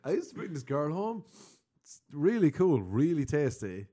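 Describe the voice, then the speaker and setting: A man's voice: on the high side, moderate pace. A young Irish man in casual chat, telling stories with lots of laughter and casual swearing. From Ireland. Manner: animated storytelling, laughs a lot, swears casually.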